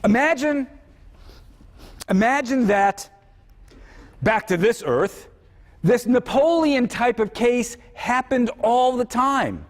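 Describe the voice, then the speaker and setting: Animated male lecturer in a reverberant hall. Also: extremely high pitch, slow, pauses often. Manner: animated, thinks aloud, poses questions to students. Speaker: university philosophy lecturer. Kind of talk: classroom lecture.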